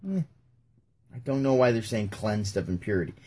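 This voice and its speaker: Husky young man reading casually. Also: lowish voice, normal speed. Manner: chatty, laid-back asides, often trailing off quietly. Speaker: video host. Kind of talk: casual scripture reading with commentary.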